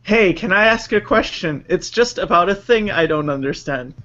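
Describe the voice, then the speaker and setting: A man's voice: sits high, lively intonation, moderate pace, sharp tone. A man hosting a casual live stream, reading viewer questions aloud and giving easygoing art advice. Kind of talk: casual live-stream chat about drawing. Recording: lo-fi voice-chat audio.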